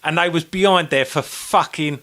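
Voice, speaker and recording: A man's voice: a little high, moderate pace. A man co-hosting a podcast, telling swear-laden anecdotes in casual chat and acting out the people in them. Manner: swearing, animated anecdotes with acted-out quotes. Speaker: podcast co-host.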